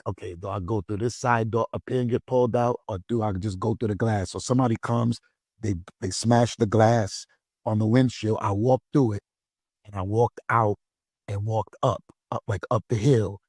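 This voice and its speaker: A man's voice: lowish voice, no room sound, studio quality. A man, a pastor, telling a personal story in a casual conversation, acting out the voices of the people in it. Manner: animated storytelling, acts out voices.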